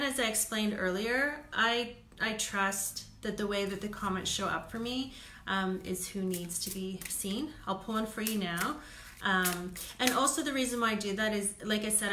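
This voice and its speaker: A woman hosts live intuitive card readings in a chatty, laughing way, often checking in with her viewers. Her voice is bright and forceful at a middling pitch. The sound bounces around an echoey room. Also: a little hiss or hum. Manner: chatty, laughs often, says "okay?" a lot.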